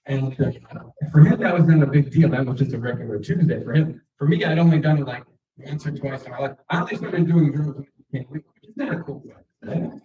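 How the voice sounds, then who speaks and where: A man's voice: medium pitch, quick pace. A man doing stand-up, telling a story in a rambling, chatty, self-mocking way with lots of fillers, on a small stage before a live audience. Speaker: stand-up comedian. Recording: echoey room, distant mic, dull sound.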